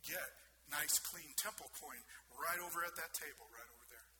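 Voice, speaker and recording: Ein Mann spielt einen glatten Tempelbeamten, verrauscht. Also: male voice, a little high, moderate pace, natural voice. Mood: slick. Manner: reassuring, slick salesman tone. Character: smooth-talking male temple official, scheming. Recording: noticeable background noise.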